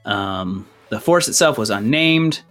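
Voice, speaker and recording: Faint music plays behind this game master, whose voice sits on the low side, a little bright, with lively intonation and a measured pace. Slightly winded, he wanders through rule changes and a recap, cutting himself off and chuckling at his own jokes.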